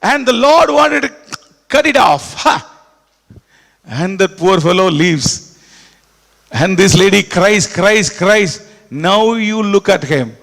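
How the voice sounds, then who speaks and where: A man preaching a sermon, animated and repetitive, dropping suddenly quiet. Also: high-pitched, measured pace, creaky. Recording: echoey hall with long reverb.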